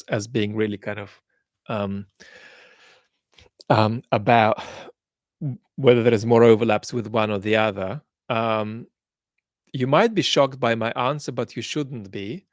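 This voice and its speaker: A man's voice: mid-range voice, no room sound. Dry, hesitant male livestream host. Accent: mixed, traces of Australian and London. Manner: thoughtful, hesitant with many ums, blunt in judgement. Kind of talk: live chat commentary reading viewer comments.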